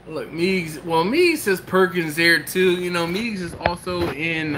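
A man's voice: on the high side, expressive, slow. A man with a somewhat raised voice hosts a casual live stream from his kitchen. He reads viewer comments aloud and jokes back at them in a loose, conversational way. A faint hum of noise sits under the voice. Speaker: host. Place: home kitchen.

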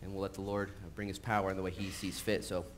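A man preaching a sermon in a church, talking casually with frequent fillers and getting animated as he tells stories. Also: deep voice, quick pace, a little hiss or hum. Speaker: pastor. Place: church sanctuary. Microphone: live-streamed recording.

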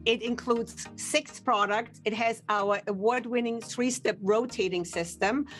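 Higher-voiced older woman pitching skincare. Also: steady tone, measured pace, faint music behind. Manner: confident, salesy explaining. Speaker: skincare company guest. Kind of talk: product pitch on a TV lifestyle segment.

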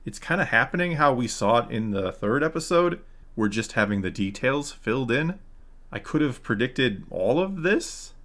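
A man's voice: fairly low pitch, a bit bright. A man recapping and critiquing a TV episode in a casual, sarcastic, frustrated way. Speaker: YouTube reviewer.

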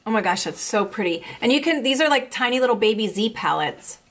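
Young female beauty vlogger, bright and excitable, with a high voice that jumps around a lot. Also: a little fast, slight background noise. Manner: gushing, excitable. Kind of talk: casual unboxing chat.

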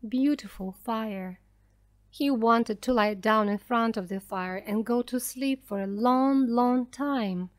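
A woman narrating a graded reader story slowly and clearly for language learners. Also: on the high side, dry recording. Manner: slow, clear, carefully paced for learners.

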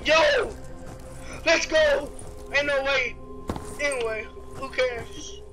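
A man giving rambling, excitable let's-play commentary, yelping and shouting at the game. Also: extremely high pitch, slow, over music. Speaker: gameplay commentator.

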